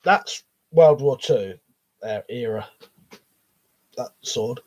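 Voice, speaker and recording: A man's voice: medium pitch, animated, takes it slowly, a little mellow. A man with a cold, coughing as he hosts a live stream, reading viewer chat in a rambling, sweary, hesitant way. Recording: dull lo-fi stream audio.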